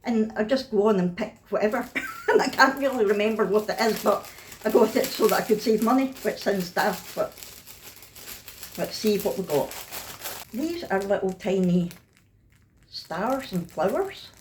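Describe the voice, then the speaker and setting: A woman's voice: mid-range voice, expressive, normal speed, pauses often, a little hiss or hum. Chatty Scottish woman in a roomy room. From Scotland. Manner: chatty and self-mocking, laughs often. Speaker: craft vlogger. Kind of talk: casual haul chat.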